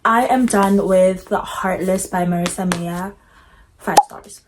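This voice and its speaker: A woman's voice: medium pitch, a little slow, over loud music. A young woman, a book vlogger chatting casually and emphatically. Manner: emphatic, dramatic, outspoken. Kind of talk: casual vlog chat.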